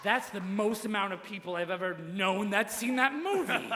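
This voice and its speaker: A young man doing a crude, self-deprecating roast set on a stage mic, his punchlines jumping up into shouts. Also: high-pitched, animated, normal speed, a crowd in the background, noisy background. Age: young adult. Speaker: roast speaker. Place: large hall with audience. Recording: live hall recording with reverb.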